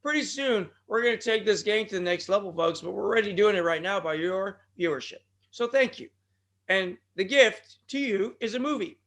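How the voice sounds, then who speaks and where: A man hosting his own podcast, rambling off on tangents with sudden loud outbursts, his throat bothering him today. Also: sits high, lively intonation, normal speed. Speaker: podcast host. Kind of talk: rambling solo podcast talk.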